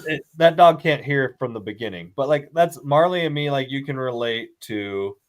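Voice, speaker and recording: A man's voice: medium pitch, moderate pace. A man, co-hosting a casual podcast chat as a dad who leans on 'like' and acts out quotes. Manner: animated, heavy filler 'like', mimics voices in quotes. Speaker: podcast co-host; father.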